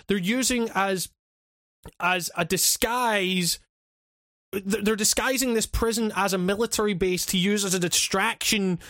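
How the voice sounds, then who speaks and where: A man's voice: high-pitched, fairly bright tone, dry recording, studio quality. A man chatting casually on a podcast, rambling and swearing, full of restarts, fillers and laughs. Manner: laughs often while talking. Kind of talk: casual chat.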